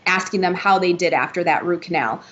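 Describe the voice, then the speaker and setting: A woman guest on a podcast interview, talking about her work with enthusiasm and quick to agree with the host. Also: on the low side, a bit bright, muffled recording. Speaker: dental consultant guest. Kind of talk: casual interview chat.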